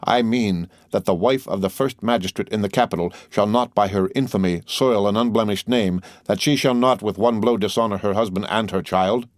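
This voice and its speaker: A man reading a cold, stern magistrate who interrogates calmly and with contempt, in an audiobook. His voice sits low and the sound is dry and close. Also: normal speed, few pauses, no echo, natural voice. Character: cold stern male magistrate, accusing husband. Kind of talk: audiobook character voice.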